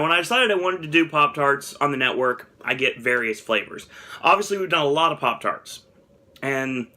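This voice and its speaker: A young man talks through a snack review in a relaxed, candid way and gets a touch dramatic when a flavor lets him down. His voice sits at a middling pitch with a bright, forward edge. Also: slight background noise. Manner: chatty, candid, mildly dramatic about flavors. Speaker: food review vlogger. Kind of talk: casual taste-test commentary.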